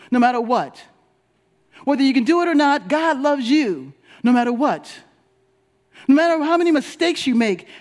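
A man giving an emphatic, repetitive sermon as a minister. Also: extremely high pitch. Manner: emphatic, repetitive preaching with rising and falling delivery.

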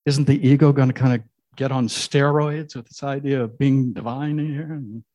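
A man's voice: mid-range voice, fairly even intonation, normal speed, warm tone. A man giving a sermon as minister, conversational and telling jokes along the way.

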